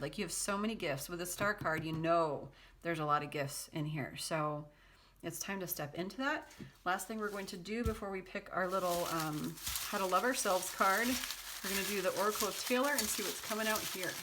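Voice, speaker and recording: A woman's voice: fairly low pitch, sharp tone, a little hiss or hum. A woman giving a casual tarot reading to her viewers, chatty and laughing easily, with a sarcastic sense of humor and lots of loose fillers. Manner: loose speech with many fillers. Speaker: tarot card reader.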